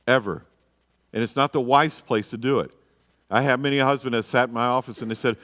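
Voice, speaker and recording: The church hall's reverb colors this recording of a pastor teaching about marriage. His medium-pitched voice is fairly bright and fairly quick, and he speaks emphatically, leaning on rhetorical questions.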